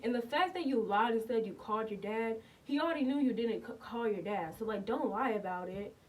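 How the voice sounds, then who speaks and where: A woman's voice: on the high side, brisk, distant mic, poor audio. A young woman casually reacting to and reviewing a TV episode, rambling with lots of fillers and repeated words. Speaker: TV reaction vlogger.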